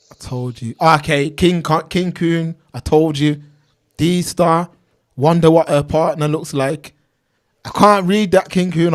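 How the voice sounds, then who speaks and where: A man, hosting a casual livestream and reading viewers' names and comments aloud in street slang. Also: fairly high pitch. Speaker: livestream host reading chat.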